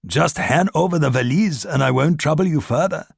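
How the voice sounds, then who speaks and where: Audiobook villain: a cold Gestapo officer with a thick German accent, a man voicing him, raised a little in pitch. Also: normal speed, vocal fry, husky, no echo, studio quality. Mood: menacing. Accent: heavy German accent.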